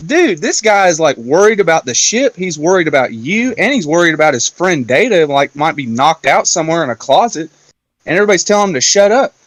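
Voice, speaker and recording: A man hosting a casual round-table talk, retelling a story in an animated way and acting out the quotes. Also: fairly high pitch, a little fast, no room sound. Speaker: podcast host.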